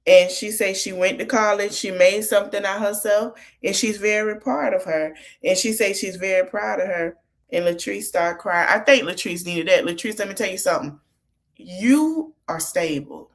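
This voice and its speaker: A woman's voice: mid-range voice, normal speed. A woman hosting a podcast, recapping a reality show in a casual way and giving motherly advice straight to the people on it. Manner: chatty, gives motherly advice straight to the cast.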